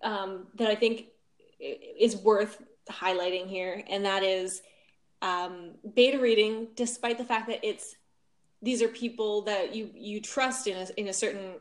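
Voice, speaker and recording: A woman's voice: medium pitch, steady tone, measured pace. A woman co-hosting a writing podcast, speaking thoughtfully and often restarting her sentences. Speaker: podcast co-host. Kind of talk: casual podcast discussion.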